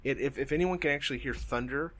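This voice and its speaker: A man co-hosting a casual podcast, talking in a halting, rambling way with many restarts. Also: mid-range voice, fairly bright tone. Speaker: podcast co-host. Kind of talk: casual chat. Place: home, during a thunderstorm.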